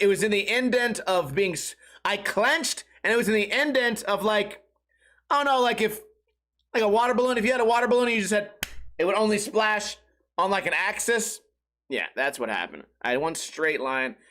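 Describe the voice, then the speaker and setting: A man hosting a podcast, telling crude comic stories in a rambling way, laughing at his own jokes and acting out the people he quotes. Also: a bit bright. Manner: acts out quoted voices with sudden pitch jumps. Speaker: podcast host. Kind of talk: solo comedic storytelling.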